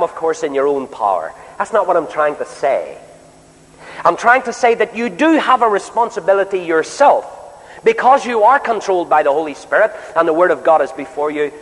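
A man preaching a sermon emphatically, often asking his listeners rhetorical questions. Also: high-pitched. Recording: long hall reverb.

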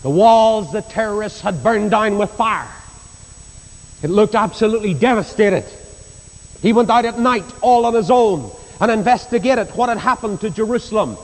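An older man with a Northern Irish accent preaching a sermon, telling Bible stories and acting out the voices in them. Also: moderate pace. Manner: storytelling, acts out quoted voices, rises in pitch for emphasis. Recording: long reverb of a hall.

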